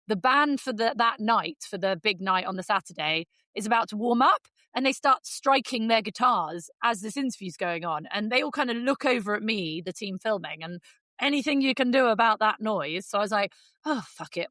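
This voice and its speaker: A woman with an English accent, co-hosting a podcast and telling a story in casual, lively chat, jumping into high voices for quotes. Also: brisk, no room sound. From England. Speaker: podcast co-host.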